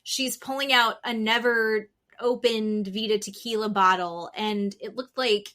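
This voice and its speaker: A woman co-hosting a casual podcast recap, animated and swearing freely as she acts out quotes. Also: fairly high pitch, measured pace. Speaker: podcast co-host.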